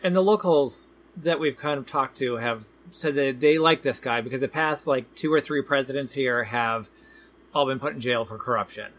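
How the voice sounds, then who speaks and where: Man, 30s, podcast co-host, steady matter-of-fact explainer, average pitch. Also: moderate pace. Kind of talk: casual chat.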